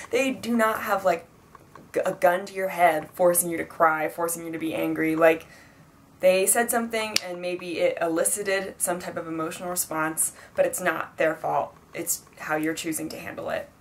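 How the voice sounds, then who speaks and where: A twenty-year-old woman giving casual life advice in a chatty vlog, full of fillers and acted-out quotes. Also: lowish voice. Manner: chatty, filler-heavy, acts out quoted dialogue. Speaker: vlogger.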